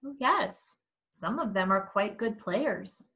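A woman's voice: mid-range voice, animated, takes it slowly, a bit bright. A woman reading aloud, voicing a formal, polite teenage girl in a storybook. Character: teen girl soccer player, formal and polite.

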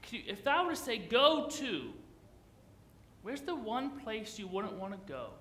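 Guy preaching in a church, chatty and joking around, asks the crowd stuff, bright voice bouncing off the room. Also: sits high, big pitch swings, a little slow, roomy sound, slight background noise. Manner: conversational, playful, asks the congregation questions. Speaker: pastor. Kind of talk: sermon.

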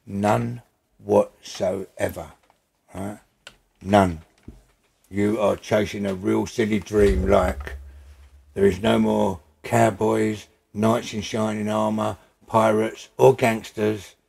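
An older man, gravelly and husky, speaking bluntly and emphatically in a casual interview at his home, swearing freely. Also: on the low side, flat delivery, slow, darkish tone. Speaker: interview guest.

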